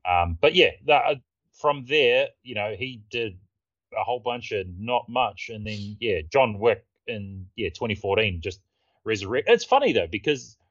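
Aussie bloke chatting movies, swears a lot, dull dry remote mic. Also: male voice, on the low side, animated, normal speed, fairly bright tone, no room sound. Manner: laid-back, swears, laughs often. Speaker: podcast co-host. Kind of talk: casual chat.

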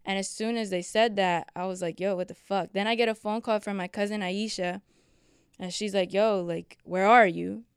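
A young woman recounting a painful family memory in loose, profane, conversational speech. Her voice is exceptionally clear and smooth, and the sound is dry and close with no room around it. She tells it in casual chat. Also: mid-range voice, fairly even intonation, dry recording. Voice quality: emotional, profane, quick storytelling.

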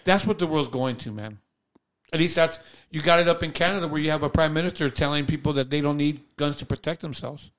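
High-pitched male co-host, animated and exasperated, casual rant. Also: fast. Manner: animated, exasperated, mocking asides. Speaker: podcast co-host. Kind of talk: casual ranting chat.

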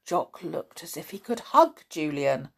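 A woman narrating a children's storybook in a measured reading voice. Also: sits low, sing-song, vocal fry, fairly bright tone, breathy edge.

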